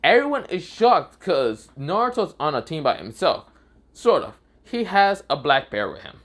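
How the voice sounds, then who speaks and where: A man improvising a fan story out loud in a casual, swearing, often laughing way, with frequent restarts. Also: fairly high pitch, sing-song, moderate pace.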